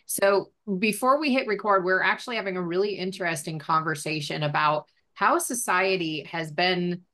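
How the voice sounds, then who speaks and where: A woman's voice: on the low side, normal speed, sharp tone. A woman hosting a podcast interview, talking in an encouraging, outspoken way. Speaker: podcast host. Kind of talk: interview conversation.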